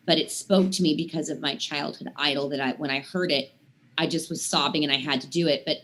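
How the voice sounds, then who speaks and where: A woman in her thirties, a singer guesting on a talk show, telling long stories in casual chat with lots of "I mean" and "like". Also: low-pitched. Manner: rambling storyteller, many "I mean" and "like" fillers.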